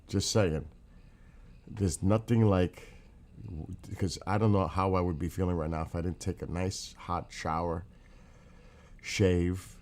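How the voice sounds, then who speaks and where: This is a man from New York with a clear New York accent and a very low voice. He rambles in a loose, friendly way through his morning livestream, greeting viewers by name as he goes. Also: a little mellow. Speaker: livestream host. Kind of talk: casual morning livestream chat.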